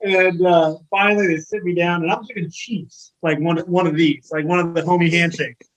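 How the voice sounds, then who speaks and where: Higher-voiced man telling a story. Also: moderate pace, dull audio. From Sacramento, California. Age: 30s. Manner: animated anecdote-telling with many fillers and restarts. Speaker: guest, firefighter. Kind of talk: casual podcast storytelling.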